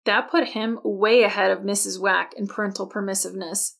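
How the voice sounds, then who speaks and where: A woman reads a novel aloud in scripted audiobook narration. Her voice is mid-pitched with a noticeably gravelly, creaky texture. She tells the story in a steady, even manner. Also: fairly quick.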